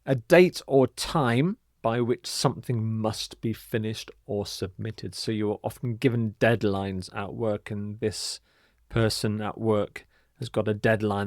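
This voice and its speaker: Slow, careful man teaching vocabulary. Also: fairly low pitch, steady tone, a little mellow, dry recording, clean studio sound. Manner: slow, careful, emphatic pronunciation with repetitions. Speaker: English teacher. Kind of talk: vocabulary lesson.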